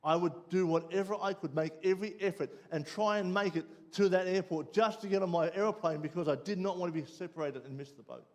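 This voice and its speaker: An Australian man preaching, telling a personal story with lively ups and downs before dropping quiet and low for the lesson. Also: fast, hardly any pauses. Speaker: pastor. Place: church.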